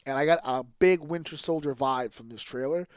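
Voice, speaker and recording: A man's voice: fairly high pitch, moderate pace, clear, resonant tone, dry recording, studio quality. A man hosting his own podcast, giving casual solo commentary in a candid, casually profane way with fillers and restarts. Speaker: podcast host.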